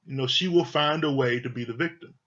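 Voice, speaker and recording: A man's voice: medium pitch, brisk, a bit bright. A man giving a casual, heated review of a reality TV show, talking bluntly and swearing freely. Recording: dull lo-fi sound.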